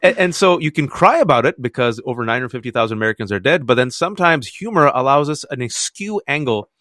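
Animated storytelling man, dry close mic. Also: mid-range voice, fast talker, dry recording. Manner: animated storyteller, laughs often. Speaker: author and guest. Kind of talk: radio interview.

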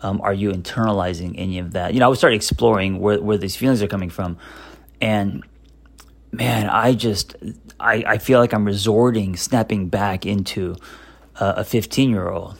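Middle-aged male therapist-host, gravelly and low, talking off the cuff with plenty of ums. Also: steady tone, moderate pace. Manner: hesitant, lots of fillers and restarts, candid. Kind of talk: casual self-help monologue.

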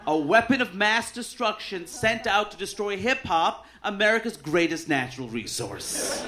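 A man doing a stand-up set on a club stage with a handheld mic, dry and deadpan, putting on quick voices for his bits. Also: high-pitched. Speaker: stand-up comedian. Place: comedy club stage with audience laughter. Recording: live club recording with clear audience noise.

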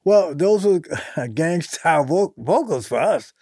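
An older man in a relaxed interview, his voice gravelly and husky. He talks haltingly, full of ums and you-knows, and the sound is close and dry. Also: fairly high pitch, no echo. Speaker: musician guest. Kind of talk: casual interview talk.

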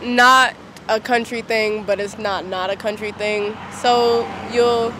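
A woman's voice: a little high, steady tone, slow, fairly bright tone, a little hiss or hum. A woman interviewed as a local resident, talking casually with many "like"s.

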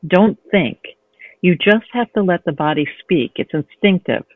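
A courtly male fencing instructor, smooth and gently insistent as he guides a nervous beginner, voiced by a woman reading her novel. The sound is thin and phone-like, with no room echo. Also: high voice, lively intonation, a little slow, heavily acted. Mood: coaxing. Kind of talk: read-aloud novel excerpt. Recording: tinny phone-line sound, dry.

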